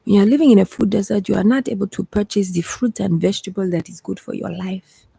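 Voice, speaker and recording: A woman playing an exotic foreign lady in a whispered role-play, speaking low and hushed as if leaning right into the microphone. Her delivery is slow and breathy. The sound is dry and close, with no room around it. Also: steady tone, no echo, exaggerated voice. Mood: mock-solemn.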